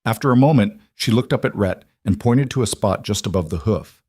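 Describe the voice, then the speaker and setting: A man narrating a scripted western story in a steady, measured way. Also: fairly low pitch, no room sound, clean studio sound.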